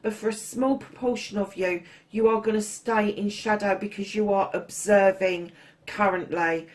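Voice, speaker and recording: A woman's voice: medium pitch, steady tone, moderate pace. A woman doing a casual tarot reading, chatty and blunt, swearing freely and calling her listeners darlings. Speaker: tarot reader.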